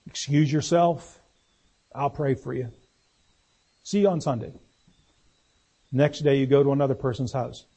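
A man's voice: mid-range voice, unhurried, pauses often, mellow, a little hiss or hum. A man preaching a sermon in a folksy, conversational way, putting questions to his congregation.

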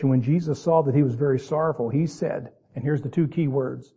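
A man preaching a sermon, reading King James verses and then explaining them in plain folksy asides, sometimes stretching words out slowly for emphasis. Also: a little high, mellow, slightly rough, dull audio.

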